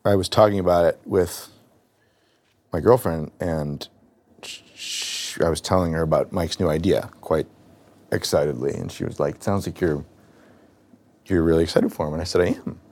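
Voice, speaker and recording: A man's voice: low voice, moderate pace, pauses often, darkish tone. A man in his thirties, a business cofounder, talking candidly and reflectively, often hesitating as he retells conversations. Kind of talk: candid conversation in a therapy session.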